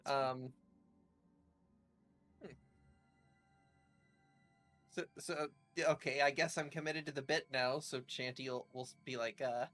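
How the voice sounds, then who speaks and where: A woman's voice: very deep voice, steady tone, slow, long pauses, fairly bright tone, soft background music. A woman playing a tabletop game, thinking aloud in a hesitant way. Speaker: player.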